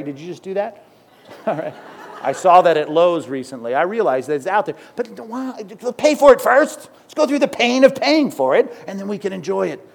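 Man, pastor, sermon, high voice, chatty, rhetorical questions. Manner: conversational, peppered with rhetorical questions and "right?"; chuckles now and then mid-sentence.

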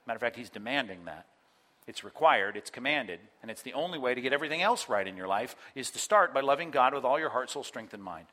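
A man's voice: mid-range voice, quick pace. A man preaching a sermon as pastor, talking straight to his congregation and acting out the people he quotes. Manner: animated, acts out quoted voices, addresses congregation directly. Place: church.

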